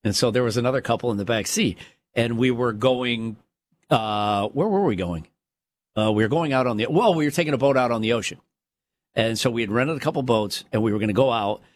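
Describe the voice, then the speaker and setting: A man's voice: mid-range voice, brisk. A man co-hosting a talk show, telling a long story in a rambling way and correcting himself as he goes. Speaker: radio show co-host. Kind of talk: casual chat.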